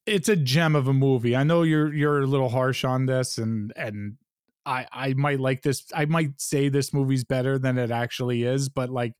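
A man's voice: medium pitch, steady tone, moderate pace, darkish tone, clean tone, no room sound, clean studio sound. A man co-hosting a podcast, chatting casually about movies in a laid-back, hedging way, with lots of "like" and some swearing. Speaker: podcast co-host. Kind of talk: casual profane movie chat.

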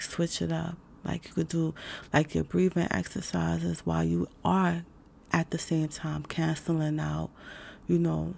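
Slow, gravelly low-voiced woman. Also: slight background noise. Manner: laid-back and slangy, with many fillers; drops to a soft whisper for breathing demonstrations. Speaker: self-help speaker. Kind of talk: casual motivational talk.

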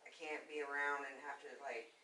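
Low-voiced woman, blunt and profane. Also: flat delivery, a little fast, sharp tone. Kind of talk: casual chat. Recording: roomy, distant mic with noise.

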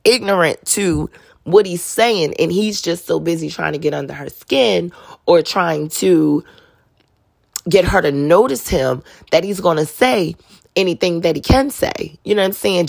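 A woman with a low, gravelly voice talks through a casual storytelling monologue. Her delivery is chatty and full of slang, and a husky edge runs under it. The sound is dry and close. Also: animated, a little slow, dry recording. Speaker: podcast host and mother.

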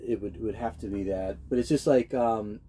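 A man's voice: fairly low pitch, moderate pace, warm tone, slight background noise. A young man in casual conversation, speaking earnestly and hesitantly, often restarting his sentences. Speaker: guest. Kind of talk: casual chat.

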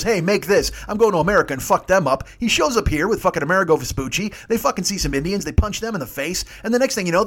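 A man tearing through a rambling comic rant, cursing constantly as he hosts his podcast. He talks at a rapid clip in a voice a bit higher than most men's. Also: fairly bright tone. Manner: ranting, rambling, heavy swearing. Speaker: podcast host. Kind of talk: profane comedic monologue.

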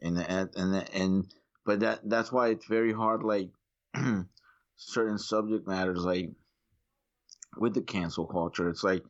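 A man chatting casually on a podcast, telling stories in a rambling way and often clearing his throat. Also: low-pitched, fairly even intonation, measured pace, pauses often. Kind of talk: casual chat. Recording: dull lo-fi sound.

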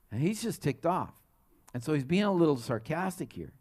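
A middle-aged man delivers a sermon in an easy, conversational way. His voice sits a little higher than most men's. He often trips over his words, restarts his sentences, and asks his listeners questions as he goes. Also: big pitch swings, brisk, a little mellow. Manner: conversational preaching with frequent restarts and rhetorical questions. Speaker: pastor.

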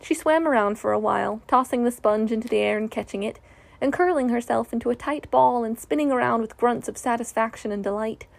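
A woman reading a children's storybook aloud in a gentle, even way. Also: a little high, brisk, gravelly, no echo.

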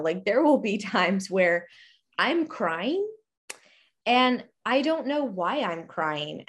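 A young pregnant woman expecting her first child co-hosts a casual faith conversation in a mid-range voice. She's reflective, with frequent small laughs and fillers.

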